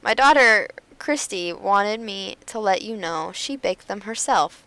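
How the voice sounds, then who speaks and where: A woman's voice: mid-range voice, expressive, a little slow, fairly bright tone, dry recording, rough recording. A woman voicing a friendly, clean-cut dad neighbor in a video game, polite and a bit awkward.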